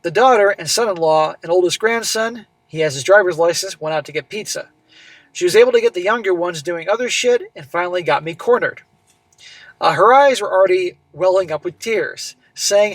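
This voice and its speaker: Blunt, high-voiced man reading a letter. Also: fairly quick, dry recording, poor audio. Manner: blunt, sarcastic asides between read passages. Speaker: host reading and reacting to a viewer's letter. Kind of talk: reading a story aloud with commentary.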